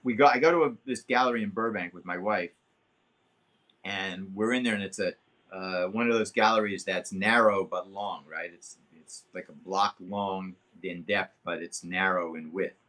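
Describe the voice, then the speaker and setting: A man in his seventies, a guest telling a long, animated story in an interview, swearing freely. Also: moderate pace. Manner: animated, swearing, acts out quotes with big pitch jumps. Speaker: guest actor. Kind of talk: anecdotal storytelling in a podcast interview.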